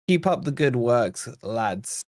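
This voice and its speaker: A man's voice: medium pitch, slow, no room sound, clean studio sound. A man hosting a live football fan stream, chatting and reading viewer comments aloud. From England. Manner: reads viewer chat aloud, chatty and excitable. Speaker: fan channel host. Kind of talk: live stream watch-along chat.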